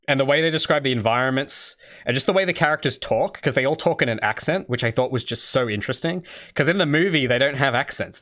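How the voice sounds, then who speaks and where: A man's voice: mid-range voice, fairly bright tone. A young man from Australia chatting casually on his game dev livestream, rambling and answering chat. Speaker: indie game developer streaming.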